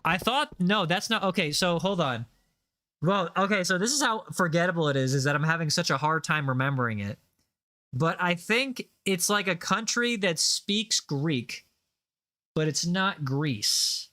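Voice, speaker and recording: A man's voice: a little high, expressive, a little slow, bright, forceful tone, no room sound, clean studio sound. A man chatting casually on a gaming livestream, rambling with lots of fillers and playful boasts. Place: home setup, lives in Los Angeles.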